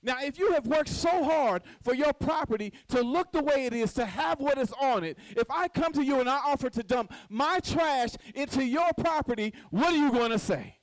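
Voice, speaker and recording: A woman's voice: high-pitched, expressive, moderate pace, hardly any pauses, no echo, poor audio. A woman giving a motivational speech from a podium at a conference, acting out little scenes and quizzing the audience. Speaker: conference speaker. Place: stage at a podium.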